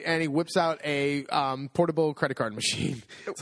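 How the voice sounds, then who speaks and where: A middle-aged man telling a story in a casual chat, animated and amused, acting out the lines of the people in it. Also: fairly high pitch, normal speed, no echo. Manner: animated, amused storytelling with restarts and acted-out quotes. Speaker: podcast co-host.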